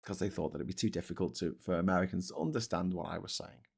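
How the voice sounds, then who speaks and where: A man with a low-pitched voice and a Scouse accent hosts a casual live stream. He reads viewer comments aloud and answers them bluntly, with plenty of swearing. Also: fast talker, vocal fry, darkish tone, slightly rough. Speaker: host.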